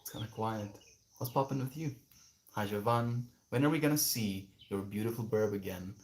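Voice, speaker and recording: A man's voice: fairly low pitch, moderate pace, slight background noise. A man on a casual livestream outdoors, reading viewer messages aloud and musing on them in a reflective way. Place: outdoors, quiet spot.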